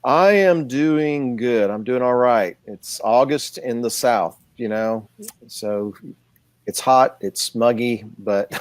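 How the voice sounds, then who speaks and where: A man's voice: medium pitch, slow pace, clear, resonant tone, dry recording. A man co-hosting a talk show, cracking dry jokes and trailing off into fillers. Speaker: co-host. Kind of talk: casual chat. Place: American South.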